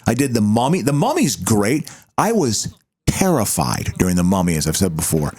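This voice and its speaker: A middle-aged man co-hosting a podcast, talking casually and haltingly, stumbling over and repeating words. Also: lowish voice, wildly swooping pitch, darkish tone, husky. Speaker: podcast co-host. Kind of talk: casual chat.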